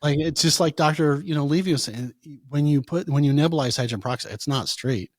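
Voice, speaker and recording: A man, a chiropractor, answering interview questions in a conversational way, telling animated stories and acting out what his patients said. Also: fairly high pitch, fast, dry recording, clean studio sound. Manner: animated storytelling, acts out quoted patients. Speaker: chiropractor guest.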